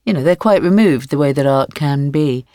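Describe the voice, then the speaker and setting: A woman in her sixties, a guest author in a podcast interview, telling stories in a wry, lively way with frequent laughs. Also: sits low, moderate pace, no room sound, clean studio sound.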